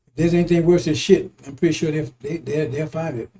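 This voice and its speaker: A man's voice: on the high side, steady tone, brisk, warm tone. A man giving informal, emphatic preaching on scripture. He repeats himself, chuckles often and swears freely. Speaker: religious teacher.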